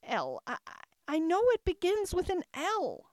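A woman's voice: extremely high pitch, wildly swooping pitch, unhurried, darkish tone, dry recording, studio quality, pitched above the performer's own voice, heavily acted. A woman voicing Alice, a curious young girl who chatters and wonders aloud to herself in a storybook reading. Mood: wondering.

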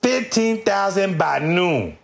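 A man playing a huge, mean male district manager who yells bossy, threatening orders at his crew. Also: high voice, sing-song, takes it slowly, vocal fry, exaggerated voice. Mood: demanding.

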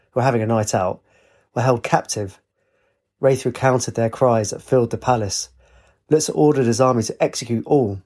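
A man narrating a storybook in a steady, expressive reading voice. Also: medium pitch.

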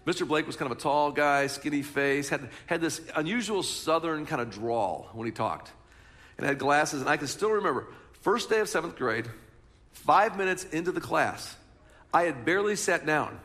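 A man's voice: on the high side, normal speed. A man preaching a sermon, telling stories and asking the congregation to nod along. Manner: animated storytelling, talks to the congregation. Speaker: pastor.

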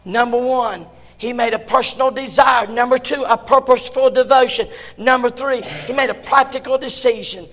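A man with a strikingly high, piercing voice preaches with fire, his words ringing out in the long echo of a big church hall. He swings from shouting to near-hushed delivery. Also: fairly even intonation, normal speed. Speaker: pastor. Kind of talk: sermon.

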